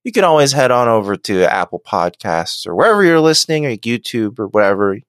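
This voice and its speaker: A man co-hosting a podcast in casual chat, who laughs often and makes animated asides. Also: on the low side, brisk, no room sound, studio quality. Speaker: podcast co-host.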